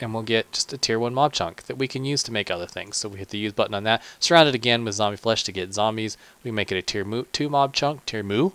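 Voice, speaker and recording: A man's voice: fairly low pitch, a bit bright, smooth, no room sound. A man hosting a gaming channel, giving chatty, self-deprecating let's play commentary, talking to himself with muttered asides and stumbling restarts.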